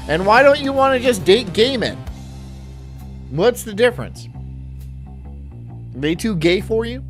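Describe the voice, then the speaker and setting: Casting note: high-voiced man, a lively and mocking stream host, faint music behind. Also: a little slow, long pauses. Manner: mocking, loud, repeats jokes. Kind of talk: reaction stream commentary.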